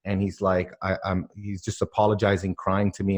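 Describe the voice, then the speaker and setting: A man from the Miami area, a podcast guest telling a personal story in an animated, emphatic way, with lots of filler words. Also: deep voice, normal speed.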